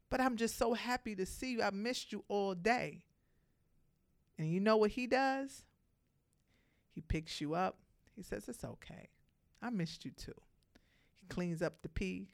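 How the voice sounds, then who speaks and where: A woman giving a motivational monologue to other women, speaking emphatically, telling animated stories and addressing her listeners directly. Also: mid-range voice, clear, resonant tone.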